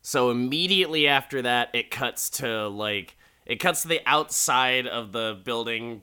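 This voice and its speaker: Chatty man with a bright edgy voice. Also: mid-range voice, lively intonation, moderate pace, few pauses, clean tone. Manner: chatty, laughing, crude asides. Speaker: podcast host recapping an episode. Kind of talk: casual comedic recap.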